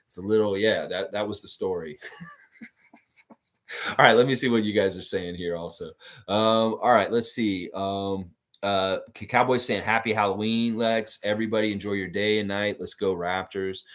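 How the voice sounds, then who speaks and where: A man hosting a live basketball stream, chatting with viewers and telling an improvised story, slipping into quick character voices. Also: on the low side, steady tone, a bit bright. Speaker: sports podcast host.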